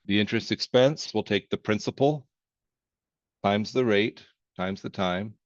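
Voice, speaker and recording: A man teaching accounting in a relaxed lecture, walking through problems step by step with folksy jokes and asides. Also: fairly low pitch, a little slow, no echo. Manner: folksy and joking, with verbal asides. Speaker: accounting instructor. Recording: dry, slightly dull screen-recorded voice.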